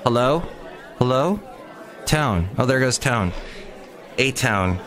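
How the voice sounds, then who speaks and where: A man's voice: mid-range voice, lively intonation, takes it slowly, a loud crowd. A man hosting his own podcast, rambling jokily from one tangent to the next. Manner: rambling, jokey, jumps between tangents. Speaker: podcast host. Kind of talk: casual comedic monologue.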